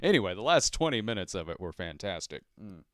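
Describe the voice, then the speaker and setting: This podcast host has a low voice and talks fast, rambling casually about movies despite sounding tired. Close-miked in a dry recording, he's animated, laughing between thoughts and scattering loose fillers.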